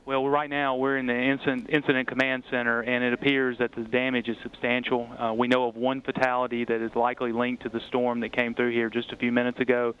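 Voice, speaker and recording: A man who is a city mayor giving a measured, cautious update during live storm coverage. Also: medium pitch, flat delivery, fairly bright tone, clean tone, low-quality recording. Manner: measured, cautious official briefing. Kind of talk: phone-in report during live news.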